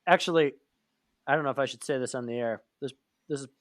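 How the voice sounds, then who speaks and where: This podcast co-host speaks fast in a mid-range voice, with no echo on the recording. His casual chat is rambling and self-deprecating, punctuated by frequent laughter.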